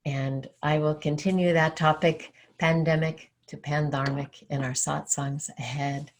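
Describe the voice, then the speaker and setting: A woman spiritual teacher giving a sermon, telling a story in a calm, storytelling manner. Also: low-pitched, a little slow.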